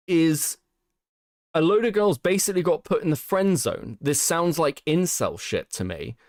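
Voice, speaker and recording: A man's voice: on the high side, darkish tone, no echo, studio quality. A man hosting a livestream, talking casually in a profane, exasperated rant. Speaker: stream host.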